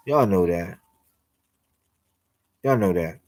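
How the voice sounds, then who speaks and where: A young man with a low, slightly mellow voice preaches about God and miracles to his livestream viewers, speaking slowly and pausing often. His spiritual monologue is loose, repetitive and full of slang, and there's no room sound on the recording.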